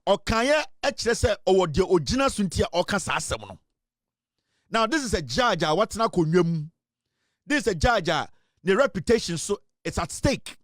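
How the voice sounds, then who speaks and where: A man with a Ghanaian accent delivers heated political commentary in a high, animated voice. He is emphatic, with frequent fillers and quick shifts between English and Twi. The sound is dry and close. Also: no echo.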